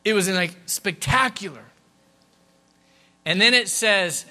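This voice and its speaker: A middle-aged man preaching a sermon in a church, lively and conversational, with quick asides to the congregation. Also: high-pitched. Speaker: pastor. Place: church sanctuary.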